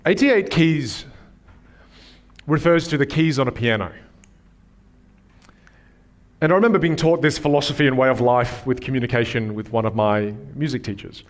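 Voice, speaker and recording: A man coaching a live workshop audience from a theater stage, speaking emphatically and repeating key phrases. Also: mid-range voice.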